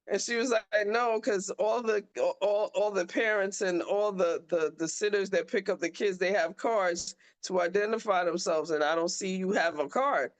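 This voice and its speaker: A woman's voice: medium pitch, normal speed, few pauses. A woman hosting a podcast, chatting casually and telling a story bluntly with plenty of swearing and restarts. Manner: blunt and profane, many restarts. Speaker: podcast host.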